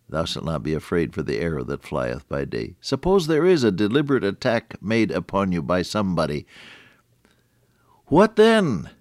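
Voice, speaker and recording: Older man, radio preacher, very low voice, lively rising and falling delivery, folksy sermon, dry close sound. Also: no echo. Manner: folksy, conversational, with frequent restarts and Scripture quoting.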